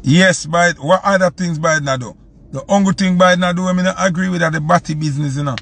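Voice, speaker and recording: A man's voice: high voice, quick pace, gravelly, fairly bright tone. A man from Jamaica with a Jamaican accent, hosting a live stream and ranting heatedly, repeating his points for emphasis. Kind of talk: live-stream commentary rant.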